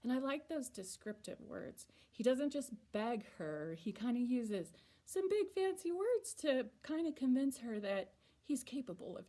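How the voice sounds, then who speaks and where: A woman teacher giving a reading lesson to young children, slowly and patiently sounding words out. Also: a little high, mellow. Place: school or classroom.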